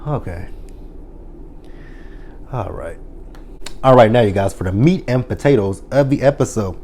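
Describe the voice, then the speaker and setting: A man giving a casual, chatty recap of a TV episode, swearing freely and filling pauses with "um" and "you know". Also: lowish voice, animated, warm tone, slight background noise. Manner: profane, chatty retelling with many fillers. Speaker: TV episode reviewer.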